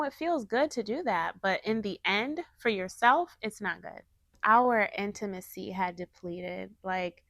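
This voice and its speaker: A faith vlogger shares a heartfelt personal testimony about faith and family with her viewers, speaking casually to camera. She is earnest and chatty, with many fillers, and her voice is on the low side with a fairly bright tone and no echo.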